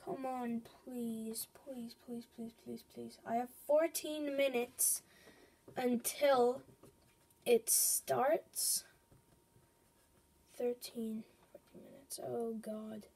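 A woman hosting a casual gaming video at home, nervous and excitable, swinging from loud outbursts to hushed mutters. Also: on the high side, very slow, pauses often, a little hiss or hum.

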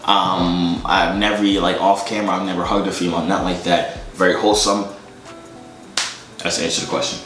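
Animated young man vlogging, echoey room. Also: low-pitched, a little fast, soft background music. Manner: animated, joking, slangy and rambling. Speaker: vlogger answering fan questions. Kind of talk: casual Q&A chat.

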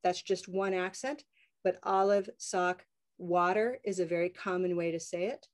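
A woman's voice: fairly low pitch, fairly even intonation. Upbeat North American woman teaching sounds. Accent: North American English. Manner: upbeat, drawn-out modeling of sounds. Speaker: pronunciation teacher. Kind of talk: live online English lesson.

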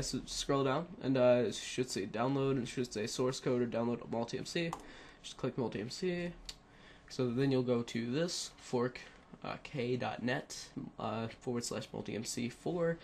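Man, casual tutorial narration, headset mic, rambling with fillers, medium pitch, faint background hiss. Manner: rambling, many fillers and self-corrections. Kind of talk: casual screen-recorded tutorial.

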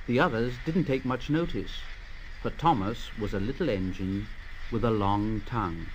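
A man reading a children's story aloud in an expressive storytelling manner. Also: on the low side, a little hiss or hum. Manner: expressive, unhurried. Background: music.

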